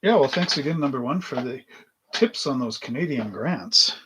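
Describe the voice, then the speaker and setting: A man's voice: medium pitch, lively intonation, moderate pace, pushed and bright, a little hiss or hum. A middle-aged man hosting a model-building livestream, rambling through anecdotes in casual chat and chuckling often as he works at his bench.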